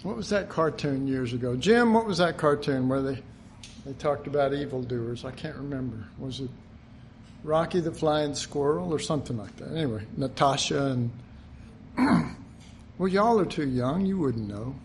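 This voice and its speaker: A man's voice: medium pitch, slight background noise. An older man preaching a conversational sermon, folksy, stretching out his emphatic phrases and acting out what people say. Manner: folksy, acts out quotes, drawn-out emphatic phrases.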